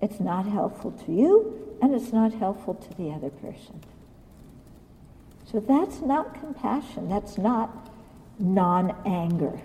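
A woman's voice: medium pitch, big pitch swings, slow, mellow, big-room sound, rough recording. A woman giving a Buddhist dharma talk in a blunt, questioning way, often acting out what other people say. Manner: blunt, questioning, acts out quotes. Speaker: Buddhist teacher.

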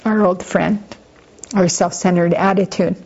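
A woman teaching Buddhist practice in an informal dharma talk. She talks in a conversational, gently humorous way and often turns to her listeners with asides. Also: on the low side, steady tone, a little slow, creaky, slightly rough. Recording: slightly muffled lo-fi recording.

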